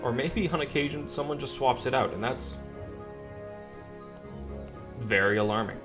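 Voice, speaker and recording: A man's voice: medium pitch, normal speed. A man playing a narrative game, reading and musing aloud in a wry, trailing way. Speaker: let's play gamer. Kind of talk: casual gameplay commentary. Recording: faint game music behind.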